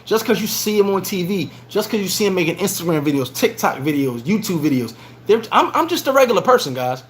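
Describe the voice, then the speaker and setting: A man's voice: sits high, fast talker. A man hosting a casual livestream vlog and telling stories, acting out the lines he quotes. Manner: animated storytelling, acts out quoted lines. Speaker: vlog host. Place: bar in the Dominican Republic.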